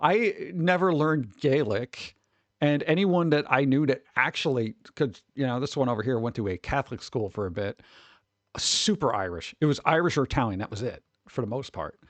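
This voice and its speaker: A man's voice: medium pitch, normal speed, dry recording. Rambling, laughing American male streamer. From United States. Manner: rambling, laughs often, trails off. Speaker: VTuber streamer. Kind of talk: casual livestream chat.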